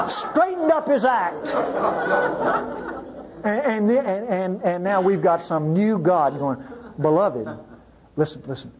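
A man preaching a sermon to a congregation, talking with lively swings between loud urgent stretches and hushed pleading. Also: sits high, slow, long pauses, dull audio, crowd noise.

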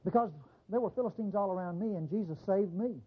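A man preaching a sermon as a pastor, animated and conversational, acting out mock voices. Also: high voice, brisk, slightly rough, narrow, tinny audio.

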